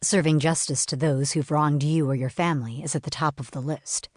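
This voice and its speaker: A woman voicing a calm, teasing teenage boy, softer and quieter than her narration. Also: low-pitched, brisk, dry recording, studio quality.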